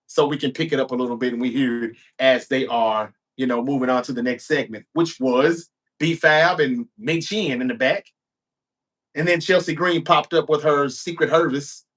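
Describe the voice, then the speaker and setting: A man recaps a wrestling show in an easy, conversational way, with a voice that sits a little higher than most men's. He slips into the wrestlers' lines as he retells each scene. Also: a bit bright. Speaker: show host.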